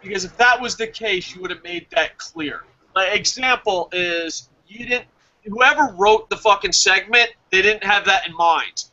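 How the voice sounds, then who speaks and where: This co-host's voice sits high and moves at a normal speed as he curses his way through an animated rant about wrestling. The casual podcast is captured in dull, lo-fi sound.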